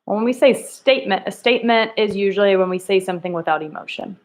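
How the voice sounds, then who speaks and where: A woman's voice: medium pitch, a little mellow. Woman teaching a reading lesson. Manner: slow, emphatic questions to pupils, acting out quoted lines. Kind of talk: recorded remote reading lesson for children.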